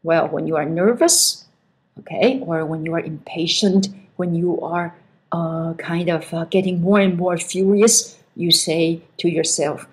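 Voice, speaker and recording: Slow, patient woman teaching English vocabulary. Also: fairly low pitch, fairly even intonation, poor audio. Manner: patient, says "okay" often, many fillers. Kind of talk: vocabulary lesson.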